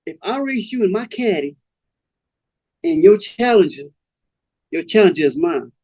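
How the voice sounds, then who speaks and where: A man voicing a smooth, cold-hearted male pimp who talks in a slow, cool, menacing drawl. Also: sits high, very animated, darkish tone, no room sound, muffled recording, exaggerated voice.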